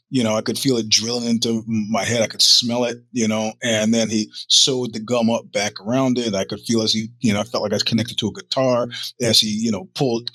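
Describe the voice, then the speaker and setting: A man's voice: mid-range voice, pushed and bright, no room sound. A middle-aged man hosting a podcast, telling a rambling, profane story in a casual monologue with many restarts. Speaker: podcast host.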